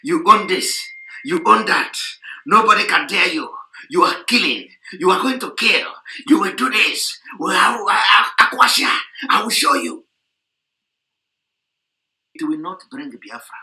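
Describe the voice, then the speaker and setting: A man's voice: high voice, very animated, measured pace, long pauses, pushed and bright, echoey room. A man delivering a heated, repetitive, scolding political rant on an online radio broadcast.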